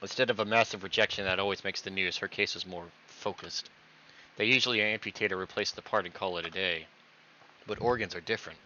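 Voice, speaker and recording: A man's voice: sits low, fairly quick, bright, forceful tone, slight background noise. A man reading visual novel dialogue aloud, voicing every character himself and acting out the stammers. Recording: dull lo-fi recording.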